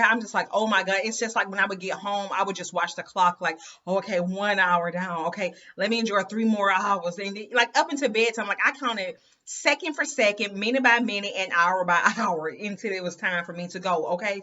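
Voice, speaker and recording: A woman's voice: medium pitch, pushed and bright, highs cut off. A woman telling her story to viewers in a chatty, emphatic way, often calling them "you guys" and "girl". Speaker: host of an inspirational women's channel.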